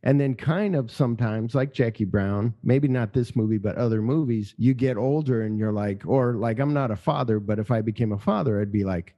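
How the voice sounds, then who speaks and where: A man's voice: medium pitch, animated, moderate pace, dark tone. A man in his fifties co-hosting a podcast, telling stories casually and swearing now and then. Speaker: podcast co-host. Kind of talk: casual film discussion.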